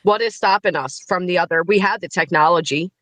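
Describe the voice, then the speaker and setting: A woman's voice: brisk, fairly bright tone, dry recording. A giggly, blunt woman chatting on a live stream. Her voice comes through a phone mic, close and dry, with a lo-fi edge. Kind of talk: casual live stream chat. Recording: dry, low-quality phone audio.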